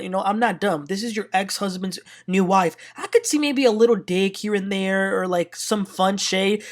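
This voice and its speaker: A woman hosting a casual reality TV recap, retelling scenes and adding blunt, opinionated commentary. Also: mid-range voice. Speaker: TV recap host.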